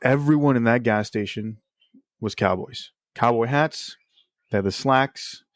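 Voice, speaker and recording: A man, a guest on a casual podcast, candidly telling personal stories and getting animated as he retells them. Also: mid-range voice, unhurried, no echo, clean studio sound. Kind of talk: casual storytelling.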